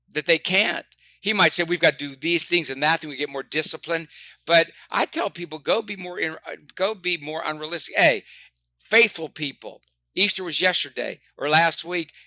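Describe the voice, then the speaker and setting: A man, a sports psychologist, telling stories in an animated, motivational way, often doubling his words. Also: fairly high pitch, normal speed, vocal fry, no room sound. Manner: animated, anecdotal, repeats words. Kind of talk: motivational storytelling.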